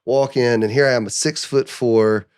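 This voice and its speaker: A man guest on a podcast, telling a personal story in an animated, earnest way, often acting out what others said, with emotional restarts. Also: medium pitch, moderate pace, clean tone. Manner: animated storyteller who acts out other people's lines. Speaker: interview guest.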